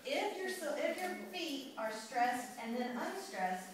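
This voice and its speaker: A woman's voice: high-pitched, animated, a little slow. A woman teacher lecturing a class, chatty and often checking in with her students. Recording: echoey classroom from far off, hiss.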